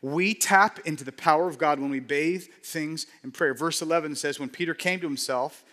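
A man pastor preaching a sermon with fervor, repeating words and swinging between loud declarations and hushed murmurs. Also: a little high, normal speed, big-room sound. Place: large church hall.

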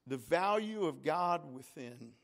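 Male pastor, high-pitched, unhurried sermon delivery with call-and-response, long church reverb. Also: animated, gravelly, a bit bright. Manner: preaching with call-and-response, rising to emphatic peaks. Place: large church sanctuary.

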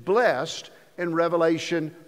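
A man preaching as pastor, slowing down to stress the scripture he quotes. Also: fairly high pitch, steady tone. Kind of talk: sermon. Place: church sanctuary. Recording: long reverb of a church hall.

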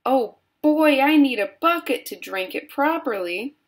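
A woman voicing a greedy, gleeful boy in a loud, excited storybook voice. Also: high-pitched, measured pace, voice pushed up.

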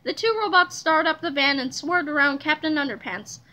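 A woman narrating a children's book aloud in a lively storytelling manner. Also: high-pitched, normal speed. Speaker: reader.

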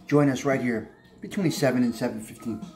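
A man's voice: medium pitch, fairly quick, soft background music. Chatty man hosting a morning coffee vlog. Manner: relaxed, chatty, rambling with fillers. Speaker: host of a morning coffee show. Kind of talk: casual morning vlog talk.

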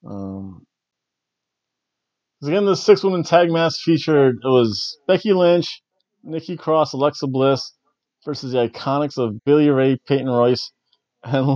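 A man's voice: medium pitch, a little mellow, no room sound. A man in a mid-range voice recaps wrestling in a loose, rambling way, chuckling as he goes. The recording is dry and close, with a dull, lo-fi sound. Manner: rambling, chuckling, slightly awkward. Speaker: podcast host.

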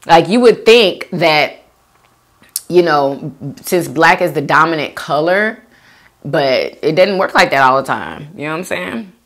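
Animated young woman reading viewer comments. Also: low-pitched, a little slow. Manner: animated, laughs often, drawls slang. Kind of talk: casual chat reading out comments.

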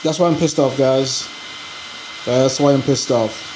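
With a medium-pitched voice, fairly even intonation and a measured pace, a man vents in a casual vlog about a broken part for his RC hobby. He hesitates, restarts and uses fillers, tells the guys watching he's pissed off, and rambles. Background noise, faint ambience and room echo are audible.

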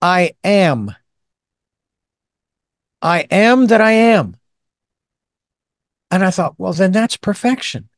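A man's voice: sits high, no echo, clean studio sound. A man hosting an interview, musing reflectively before putting his question to the guest. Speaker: podcast host.

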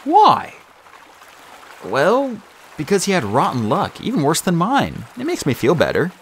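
A man's voice: a little high, huge pitch swings, unhurried, slight background noise, voice pushed up. A man voicing an earnest, hesitant teenage boy in an audiobook.

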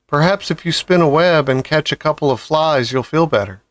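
A man voicing a gentle, earnest young male pig who worries about his friend, in a storybook reading. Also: a little high, brisk, dry recording, close to an everyday voice. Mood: earnest worried.

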